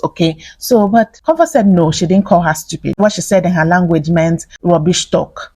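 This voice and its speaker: A woman's voice: fairly low pitch, darkish tone, husky, no echo. A woman giving a chatty reality TV recap, full of laughs and asides. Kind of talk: casual gossip recap.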